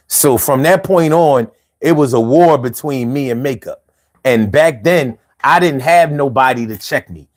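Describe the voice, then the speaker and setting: A man telling a personal story in a casual vlog monologue. He talks in a profane, slangy and animated way and often mocks himself. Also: mid-range voice, takes it slowly. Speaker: vlogger.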